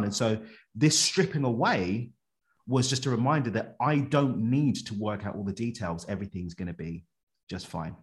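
Lively man telling his story. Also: on the low side, normal speed. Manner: animated, chuckles often, colloquial. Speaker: podcast guest, coach. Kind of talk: personal storytelling in conversation.

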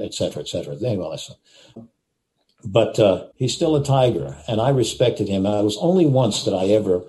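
The voice is on the low side and darkish in tone, belonging to an older man. As an actor and interview guest, he tells animated anecdotes with vivid storytelling, acting out moments and repeating phrases for effect.

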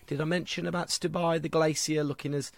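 A man's voice: fairly high pitch, flat delivery, a little fast, creaky, no echo. A man co-hosting a podcast in casual chat, telling funny stories. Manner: storytelling, jokey. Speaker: podcast co-host.

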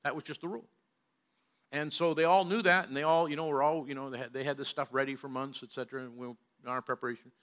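An older man, a pastor, telling a story in a sermon and moving between loud bursts and hushed passages. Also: mid-range voice, fairly even intonation, fast.

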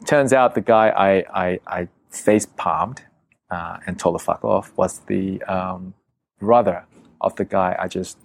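A man with a low, gravelly voice tells a story in a casual, conversational way. He is vivid and profane and slips into the voices of the people in it. The sound is dry and close. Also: unhurried, no room sound. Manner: vivid, profane, acts out quotes. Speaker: guest telling a story.

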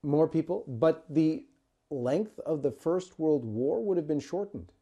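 A man's voice: a little high, lively intonation, a little slow, mellow, slightly rough, muffled recording. A man hosting a podcast interview, who jumps in eagerly to check what he heard. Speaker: podcast host. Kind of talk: conversational interview.

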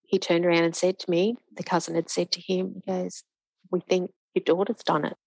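A middle-aged woman tells her own story as a podcast guest, slipping into the voices of the people she quotes. Her voice sits on the low side and sounds close and dry. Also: flat delivery, brisk, creaky, a little mellow, no room sound, low-quality recording. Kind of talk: emotional personal storytelling.

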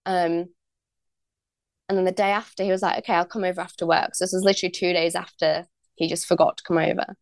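A young woman speaks as a podcast guest, recounting events in a chatty, candid way and slipping into the voices of the people she quotes. Her voice sits a little low and has a gravelly fry to it. The recording is close and dry. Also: level tone, quick pace, no room sound. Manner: chatty, many likes and ums, acts out quoted dialogue. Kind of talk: candid storytelling.

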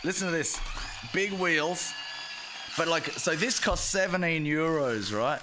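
An Irish man with a fairly high voice co-hosts a comedy podcast in a studio, speaking unhurriedly over some background noise. The casual comedic chat finds him telling rambling stories and laughing often.

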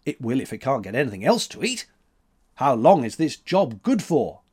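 A man's voice: mid-range voice, sing-song, moderate pace, a little mellow, slightly rough. A man voicing a wry, self-mocking young drifter with a dry manner. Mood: eager.

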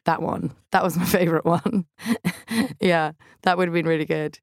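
A woman's voice: lowish voice, fairly even intonation, moderate pace, dry recording, clean studio sound. Bubbly self-mocking woman. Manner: bubbly, self-deprecating, gushing. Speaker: podcast host. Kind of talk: chatty comic monologue.

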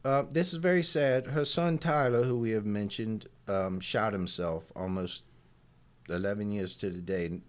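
A man's voice: fairly low pitch, normal speed. A man co-hosting a casual history podcast, telling stories with jokes. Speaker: podcast co-host.

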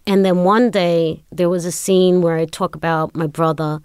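Low-voiced woman telling stories, dry sound. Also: fairly even intonation, moderate pace, a little mellow, smooth, no echo. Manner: storytelling, acting out quoted exchanges. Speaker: guest. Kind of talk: casual interview chat.

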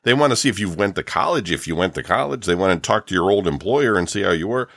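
A man's voice: low voice, fast, gravelly, no room sound, clean studio sound. A middle-aged man co-hosting a podcast, ranting in casual chat with lots of fillers. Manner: ranting, animated, filler-heavy. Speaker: podcast co-host.

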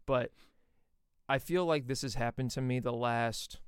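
Smooth-voiced, indignant storytelling man. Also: medium pitch, a little slow, no room sound, clean studio sound. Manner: animated storyteller, indignant and profane. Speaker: podcast co-host. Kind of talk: casual chat.

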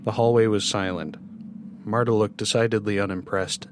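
Man, low voice, horror narration, tense, measured. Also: fairly even intonation, slight background noise. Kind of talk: first-person horror story narration.

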